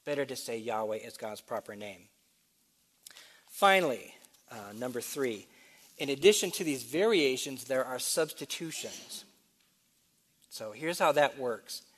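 A man's voice: medium pitch, a bit bright. Man teaching a sermon, question and answer. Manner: explanatory, spells out letters, asks and answers questions. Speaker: pastor.

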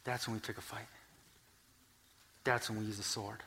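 A man preaching a sermon in a church, swinging between soft, earnest explanation and loud, emphatic peaks as he reads scripture, with joking asides. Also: on the low side, little pitch movement, normal speed. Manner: builds scripture lists to loud, emphatic climaxes. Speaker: pastor. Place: church sanctuary.

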